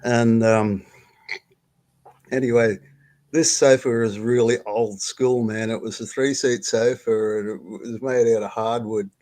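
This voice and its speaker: A man's voice: medium pitch, steady tone, a little mellow. Rambling Australian man telling a story. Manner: rambling, halting, swears freely, laughs often. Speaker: guest storyteller. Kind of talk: casual storytelling on a live stream. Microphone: video call.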